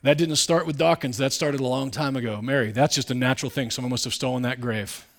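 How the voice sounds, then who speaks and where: A man preaching a sermon in a conversational, candid way, full of asides, who swings between loud emphatic bursts and quiet low asides. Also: steady tone, quick pace. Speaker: pastor.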